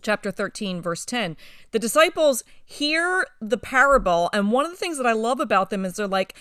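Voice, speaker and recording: A woman co-hosting a Bible study discussion, talking with enthusiasm and growing animated as she retells scripture. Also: fairly high pitch, moderate pace, no room sound, clean studio sound.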